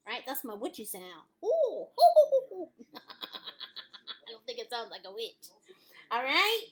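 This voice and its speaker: A woman's voice: fairly high pitch, sing-song, moderate pace, pauses often, bright, forceful tone. A woman teaching a live painting class in a playful, silly way, laughing often as she guides the steps. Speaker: art instructor.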